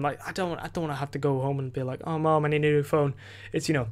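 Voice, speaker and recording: A man's voice: on the high side, steady tone, fast. A teenage boy hosting his podcast, telling a story in a rambling casual way, full of fillers and restarts and casual swearing. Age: teens. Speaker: podcast host. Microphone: desk microphone.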